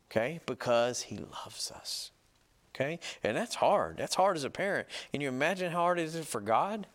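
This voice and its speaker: A man preaching a sermon, emphatic and often checking in with "right?" and "okay?", reading scripture slowly and loudly. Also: high-pitched, lively intonation. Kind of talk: sermon teaching.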